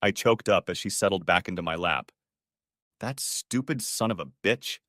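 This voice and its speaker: A man's voice: low voice, normal speed, fairly bright tone, dry recording, clean studio sound. A man narrating a first-person story audiobook in a wry, conversational way.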